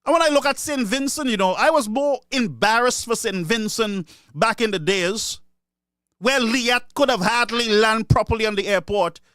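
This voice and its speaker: Caribbean guy, really high voice, fired up and ranting about politics, dry close sound. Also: normal speed, a bit bright, no echo. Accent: Caribbean English. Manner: indignant, ranting, repeats himself. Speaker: political commentator. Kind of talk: solo opinion monologue.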